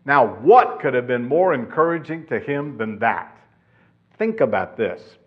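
A man's voice: mid-range voice, sing-song, measured pace, breathy edge. A man preaching a sermon, emphatic and asking his listeners questions. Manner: emphatic, asks the congregation questions. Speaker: pastor. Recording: dull lo-fi sound.

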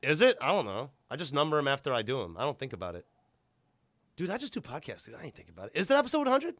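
A man hosting a podcast in loose, casual chat, excitable and profane, breaking into loud laughs. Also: medium pitch, quick pace, no room sound. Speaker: podcast host.

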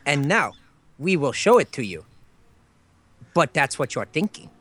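Man doing stilted executive announcer, bright, sing-song. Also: on the high side, big pitch swings, a little slow, dry recording, heavily acted. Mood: grandiose. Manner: stilted, exaggerated announcement cadence. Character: man impersonating a formal male game executive.

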